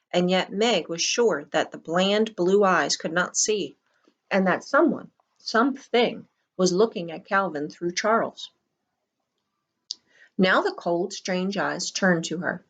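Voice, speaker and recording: A woman reads a novel aloud, one chapter at a time. Her narration is measured and expressive. Her voice sits somewhat low. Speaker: teacher reading aloud.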